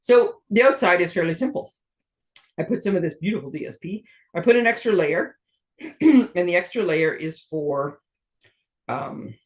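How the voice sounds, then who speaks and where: A middle-aged woman from Canada hosting a card-making tutorial, chatty and rambling, often laughing at herself. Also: fairly low pitch. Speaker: stamping demonstrator and card-making host. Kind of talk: casual craft tutorial chat.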